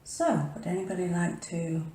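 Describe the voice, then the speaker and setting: A paranormal vlogger talks to her camera in a room at home in the early morning, rambling chattily and often dropping to a whisper or cutting herself off. Her voice is on the low side and warm, at a normal speed. The room sounds echoey.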